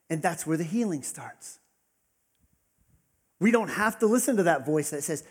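Pastor, male, higher-pitched, husky; earnest sermon delivery in a church hall with long reverb. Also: animated, normal speed, pauses often. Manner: earnest, building to emphatic peaks then dropping soft.

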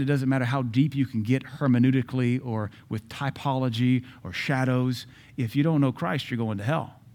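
A man's voice: mid-range voice, a little mellow. A man preaching a sermon as pastor at a church service, emphatic and repeating key phrases.

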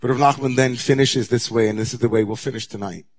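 A man, a rabbi, preaching a sermon to his congregation, moving from hushed near-whispers to raised, intense passages. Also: medium pitch, steady tone, fast. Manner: dramatic, swings from hushed to raised voice.

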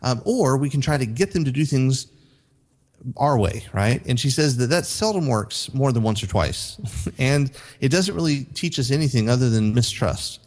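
A man's voice: medium pitch, expressive, moderate pace, darkish tone. Earnest man summarizing an article. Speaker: podcast co-host. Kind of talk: casual chat, reading quotes.

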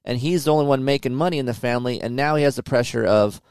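A man's voice: mid-range voice, fast talker, smooth, dry recording, studio quality. Profane, candid middle-aged man. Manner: candid, profane, animated storytelling. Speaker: podcast host. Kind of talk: casual chat.

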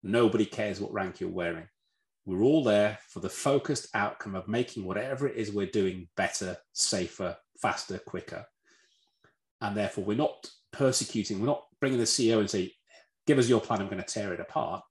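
A man's voice: lowish voice, normal speed. Man telling stories in an echoey room. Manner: animated, repeats words when starting, acts out voices. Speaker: red team leader, guest speaker. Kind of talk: storytelling answer in a talk. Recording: roomy echo.

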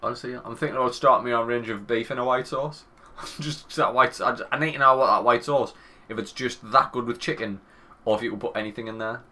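A man's voice: medium pitch, brisk. A young man from Northern England with a Northern English accent, co-hosting a podcast and swearing as he jokes and tells stories. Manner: swearing, laughing, animated storytelling. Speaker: podcast co-host. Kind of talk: casual podcast banter.

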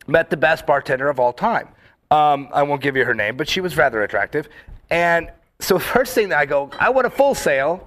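A man in casual chat, telling rambling, animated stories full of fillers and acting out quoted lines. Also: on the high side. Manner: acts out quoted lines in the story.

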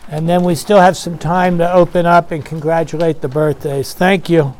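High-voiced man leading a recovery meeting. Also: flat delivery, normal speed, a little mellow. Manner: earnest, conversational, asks the room questions; acts out voices in his story.

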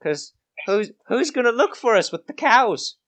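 A man voicing a scared but defiant young farm boy, talking in a high, blustering voice with cockney-tinged exclamations. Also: very animated, normal speed, fairly bright tone, exaggerated voice. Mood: grim.

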